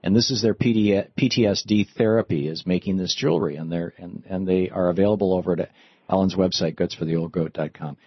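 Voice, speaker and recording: A man's voice: deep voice, a little fast, slightly rough, no room sound. A man hosting a talk radio show, explaining things in a conversational way. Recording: dull lo-fi radio recording.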